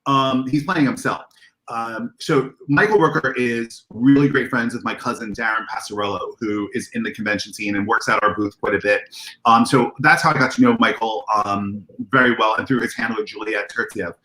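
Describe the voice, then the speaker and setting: A man on a video call, telling convention stories in an animated way and acting out the dialogue in a raised voice. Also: on the low side, moderate pace, reverberant. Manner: excitable, acts out dialogue in a raised voice. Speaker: convention organizer guest. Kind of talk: animated storytelling on a livestream.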